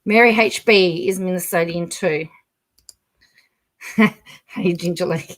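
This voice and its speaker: A woman's voice: on the low side, slow. Chatty Australian woman reading comments. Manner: chatty, laughs often, reads comments aloud. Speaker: host reading viewer comments. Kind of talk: casual livestream chat.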